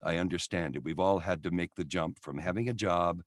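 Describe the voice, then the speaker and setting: A middle-aged man co-hosting a casual chat, an animated storyteller who acts out the people he quotes. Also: sits low, a little fast, dry recording, studio quality. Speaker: podcast co-host, voiceover coach.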